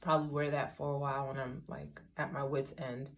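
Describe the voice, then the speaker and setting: A woman's voice: extremely low pitch, level tone, brisk. A middle-aged woman talking casually through a hair tutorial, rambling with wry asides to herself. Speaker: hair vlogger.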